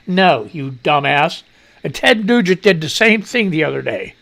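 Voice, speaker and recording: A man's voice: sits high, expressive, moderate pace, creaky, pushed and bright. A man hosting a radio show, reading news items and breaking off into crude, mocking asides. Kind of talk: casual news commentary.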